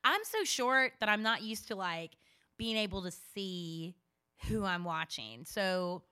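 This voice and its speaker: A woman's voice: medium pitch, animated, a little slow, pushed and bright, clean tone, no room sound, clean studio sound. A woman co-hosting a podcast, chatting casually and giggling, with many fillers. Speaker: podcast co-host. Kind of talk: casual chat.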